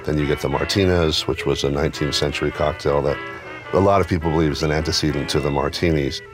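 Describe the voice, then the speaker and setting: Very deep-voiced man explaining thoughtfully. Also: steady tone, quick pace. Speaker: bar owner and spirits author. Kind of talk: reflective interview talk. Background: music.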